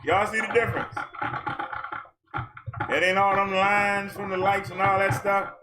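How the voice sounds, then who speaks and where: A man's voice: high voice, level tone, measured pace, very noisy. A man vlogging in a loose, chatty way, repeating himself and talking straight to his viewers on a helmet-mounted camera. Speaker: vlogger and minister. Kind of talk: casual chat to viewers.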